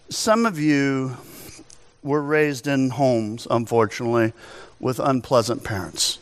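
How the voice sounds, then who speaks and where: A man preaching a sermon as pastor, animated, telling stories and asking rhetorical questions. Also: mid-range voice, unhurried, smooth, dry recording.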